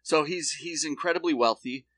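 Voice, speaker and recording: A man's voice: fairly high pitch, normal speed, fairly bright tone, no room sound. A man co-hosting a casual podcast, telling a story in a rambling, profane way and acting out quotes in other voices. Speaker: podcast co-host. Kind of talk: casual chat.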